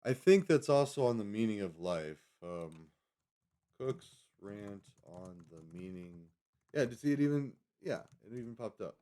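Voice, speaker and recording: A man's voice: on the low side, lively intonation, measured pace, mellow. A man hosting a livestream, chatting casually and rambling with lots of fillers and self-corrections. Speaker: livestream host.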